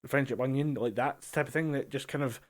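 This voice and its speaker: A man's voice: medium pitch, fairly even intonation, fast. Easygoing man co-hosting a podcast. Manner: easygoing, laughs often, uses filler phrases. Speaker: podcast co-host. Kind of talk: casual chat. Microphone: home mic over a voice call.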